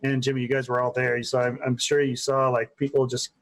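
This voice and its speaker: A man's voice: medium pitch, monotone, brisk. A man co-hosting a casual podcast chat, hesitant and stammering through his restarts.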